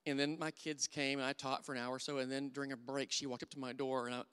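A middle-aged man preaches with earnest warmth of conviction, telling stories from his own life. His voice is smooth and resonant, and it carries through a church hall with a long reverb tail. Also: medium pitch, little pitch movement, fast. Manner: earnest storytelling, drops to hushed voice for quoted thoughts. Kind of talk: sermon with personal stories.

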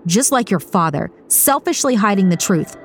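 A woman's voice: mid-range voice, expressive, normal speed, faint music behind, natural voice. A woman reading an audiobook, voicing a proud, bitter middle-aged mother, in a reproachful manner. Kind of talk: audiobook character voice.

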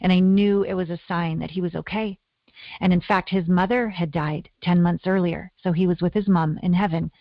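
A middle-aged woman from Canada, a guest telling her life story in an earnest, animated way. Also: lowish voice, moderate pace, dry recording. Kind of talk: interview storytelling. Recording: dull lo-fi audio.

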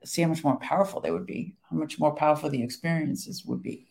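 A woman's voice: sits low, quick pace, vocal fry, a little mellow. A woman in casual conversation about faith and marriage, earnest and encouraging, thinking aloud as she goes.

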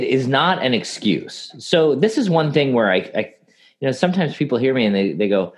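A man in casual podcast conversation who tells animated anecdotes and gives advice to clients. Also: mid-range voice, a little fast.

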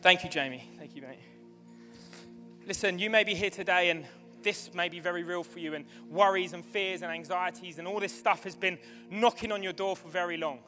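A man preaching a sermon to his church, excitable and building to fervent shouting, with a live demonstration. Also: sits high, a little fast. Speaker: pastor. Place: church hall. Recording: long hall reverb with music behind.

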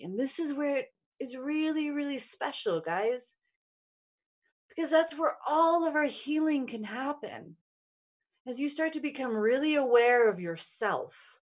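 A young adult woman talks through a spiritual teaching in a relaxed, conversational way. She is earnest and speaks straight to her listeners, as if chatting with her students. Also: fairly high pitch. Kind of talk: casual teaching monologue.

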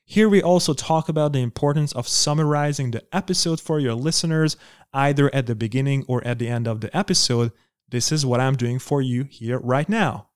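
A man's voice: medium pitch, brisk, smooth, no echo, studio quality. A man hosting a podcast, introducing the episode and interviewing his guest with enthusiasm. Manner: enthusiastic, promotional. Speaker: podcast host.

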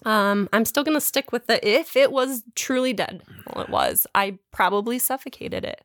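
A woman's voice: on the high side, normal speed, a bit bright, no echo, clean studio sound. A woman co-hosting a podcast, telling a story in a casual, self-deprecating way, with lots of "like" fillers and laughs between words. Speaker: podcast co-host.

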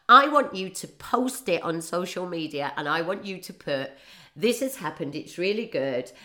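Chatty Northeast English woman, lower-pitched. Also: a bit bright. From northeast England. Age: 40s. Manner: rambling, jokey, laughs often. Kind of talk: casual comic monologue.

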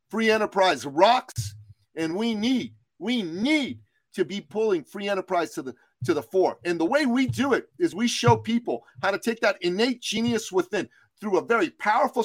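A man's voice: high voice, no echo. A man from Iran, a business coach and podcast guest, telling motivational stories in an emphatic, slogan-driven way. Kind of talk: motivational podcast interview storytelling.

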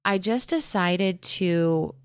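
Soft-spoken woman with gravelly low tone. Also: slow pace, no echo, clean studio sound. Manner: gentle, open, storytelling with many fillers. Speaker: Akashic Records teacher, guest. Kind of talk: casual spiritual chat.

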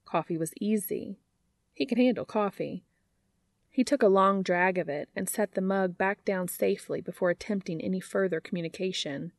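Gravelly woman reading fan fiction. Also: mid-range voice, normal speed, no room sound, studio quality. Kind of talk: read-aloud fan fiction narration.

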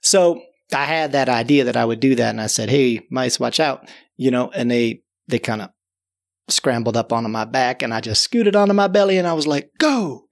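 A man telling a story in a chatty, animated way, chuckling now and then. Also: mid-range voice, a little fast, gravelly. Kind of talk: spoken storytelling.

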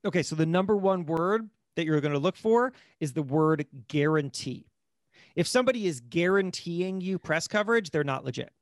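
A man, a magazine editor, talking casually as an interview guest, telling stories in an animated way with quick asides and restarts. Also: on the high side, no room sound, clean studio sound. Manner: animated storyteller, fast asides, frequent restarts.

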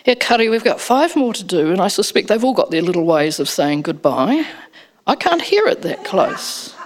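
A woman's voice: mid-range voice, sing-song, normal speed. A woman reading the lines of a dry, easygoing young man in a storybook, with an offhand delivery. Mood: wry.

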